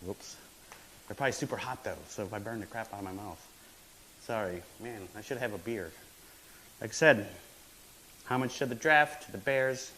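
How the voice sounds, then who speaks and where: A man's voice: on the low side, moderate pace, pauses often, a bit bright, slight background noise, rough recording. A man hosting a casual home cooking stream from his apartment kitchen, chatty and laid-back, laughing often. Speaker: host of a home cooking show.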